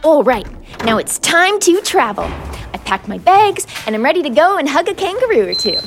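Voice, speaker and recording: A woman's voice: high-pitched, big pitch swings, normal speed, faint music behind. A woman hosting a children's wildlife show, presenting in a bubbly, playful way with comic asides. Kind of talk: playful scripted presenting for kids.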